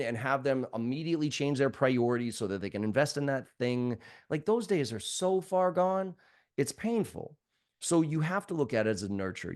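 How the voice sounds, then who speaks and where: Blunt, profane man telling sales stories. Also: medium pitch. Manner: blunt, profane, animated storyteller. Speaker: sales trainer, guest. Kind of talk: podcast conversation.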